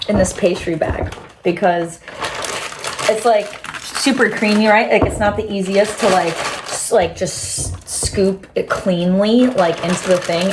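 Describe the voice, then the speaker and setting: A woman's voice: medium pitch, background noise. Chatty woman cooking at home. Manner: chatty, giggly, swears casually. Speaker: cooking vlogger. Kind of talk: casual cooking chat. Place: home kitchen.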